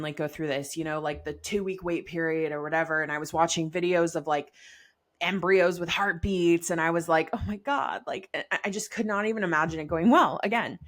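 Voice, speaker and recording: A young pregnant woman co-hosting a podcast, chatting casually with lots of "like" and frequent laughter. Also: fairly low pitch. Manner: chatty, laughs often, many likes. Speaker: podcast co-host.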